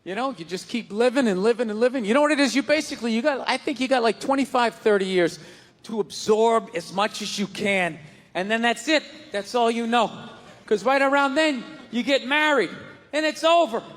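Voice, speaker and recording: A man's voice: very high-pitched, a little fast. Ranting profane stand-up comedian man. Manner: ranting, profane, swings from muttering to yelling. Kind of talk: live stand-up set. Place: large theater stage. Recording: echoey hall with loud crowd. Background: audience laughter.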